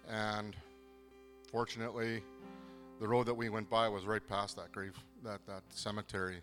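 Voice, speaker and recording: A man from southern Manitoba gives a personal faith testimony, earnest and halting, with many pauses and restarts. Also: lowish voice, level tone, fairly bright tone, long reverb tail, soft background music. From southern Manitoba, Canada. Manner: earnest, moved. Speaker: program participant giving testimony.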